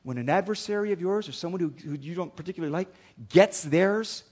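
Male pastor, high-pitched, dynamic sermon delivery with loud acted-out exchanges. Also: brisk, breathy edge. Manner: dynamic preaching, acts out dialogues with rising volume.

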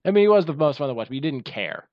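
A man co-hosting a podcast in casual chat, firing off quick sarcastic quips and rapid asides. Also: a little high, animated, dry recording. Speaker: podcast co-host. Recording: dull dry lo-fi sound.

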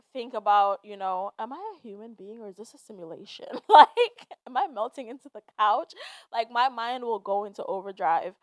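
Woman podcast host rambling casually, kinda high voice, dry close sound. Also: clear, resonant tone, no room sound. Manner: chatty and animated, many "like"s and frequent laughs. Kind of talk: casual solo podcast rant.

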